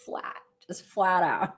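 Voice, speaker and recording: Slow-talking chatty woman livestreamer. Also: fairly low pitch, fairly bright tone, husky. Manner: chatty, meandering, many fillers and restarts; laughs easily while talking. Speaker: livestream host. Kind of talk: casual rambling livestream chat.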